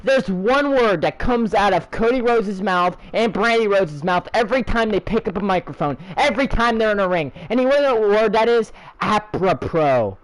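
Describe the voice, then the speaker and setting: A young man with a fairly high voice rants with heat and open sarcasm. He swears constantly and drives his points home with mocking disbelief. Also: a little fast, hardly any pauses, low-quality recording. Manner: angry, profane, sarcastic, heated. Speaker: channel host ranting. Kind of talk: profane wrestling rant.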